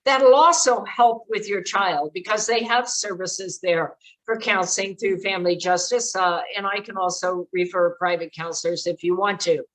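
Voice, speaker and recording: A woman's voice: medium pitch, normal speed, fairly bright tone, low-quality recording. An older woman giving earnest, direct advice to parents in a presentation, with frequent fillers. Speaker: speaker on child exploitation prevention.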